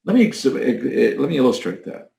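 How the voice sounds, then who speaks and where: Male leadership coach, gravelly voice, mid pitch, emphatic teaching delivery, echoey room. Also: big pitch swings, a little fast, mellow. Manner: coaching, emphatic, demonstrates tones of voice. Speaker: leadership trainer. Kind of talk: recorded leadership training talk.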